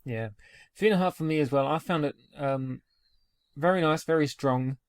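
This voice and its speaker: A man's voice: a little high, moderate pace, clear, resonant tone, no room sound. A man hosting a casual beer podcast, upbeat and asking his guests questions. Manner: upbeat, asks questions, laughs often. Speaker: podcast host. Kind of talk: casual chat.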